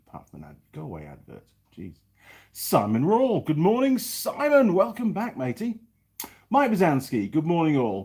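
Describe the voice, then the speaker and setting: This man's husky voice sits on the high side. He runs a casual live stream from a home workshop in New Zealand, chatting away and reading viewers' names aloud with energetic greetings.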